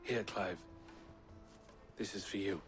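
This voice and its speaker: A sly low-voiced smuggler. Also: male voice, slow. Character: sly smuggler man, Eloise's brother Theodore. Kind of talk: video game cutscene dialogue. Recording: game audio with music behind.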